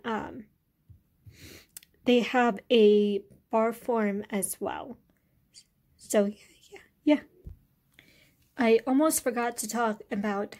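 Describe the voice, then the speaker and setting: A woman vlogger talks through her beauty products at an easy, unhurried pace. Her voice sits a little high, and she pauses often with fillers as she goes. It sounds like a relaxed chat at home. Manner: relaxed, hesitant, many fillers. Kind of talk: casual product review.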